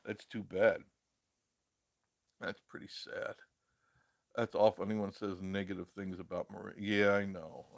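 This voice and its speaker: A man with a lowish voice hosts a relaxed live stream, reading out viewer comments and answering them in a chatty, meandering way. He laughs easily as he talks. The sound is dry and close, with no room echo. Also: moderate pace, vocal fry, long pauses. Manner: chatty, rambling, laughs often. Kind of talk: casual live-stream chat.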